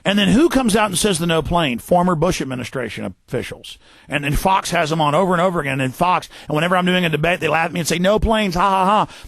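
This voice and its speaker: A man hosting a radio talk show, ranting fast and forcefully, tripping over repeated words. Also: on the high side, vocal fry, no echo. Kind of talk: heated radio monologue. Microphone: studio microphone.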